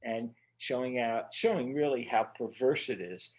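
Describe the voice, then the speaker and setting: Earnest rambling man, mid-pitched. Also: normal speed, darkish tone. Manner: earnest, rambling with fillers and restarts. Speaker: interview guest, author. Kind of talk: casual interview conversation. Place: remote video interview.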